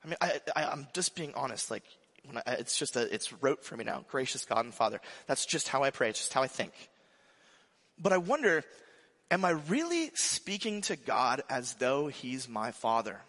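A man preaching a casual, conversational sermon as pastor, animated and full of restarts and asides. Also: mid-range voice, normal speed. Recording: long hall reverb.

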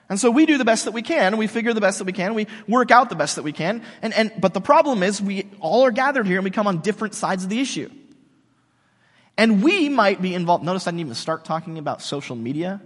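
A man preaching a sermon in a relaxed, chatty way, full of slang and fillers. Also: high-pitched, long reverb tail. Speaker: pastor.

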